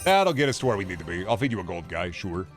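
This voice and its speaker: A man's voice: deep voice, very animated, fast, soft background music. A man streaming a video game, chatting casually, joking and rambling with bursts of profanity. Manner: joking, rambling, profane, drops into silly voices. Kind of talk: casual gaming stream chat.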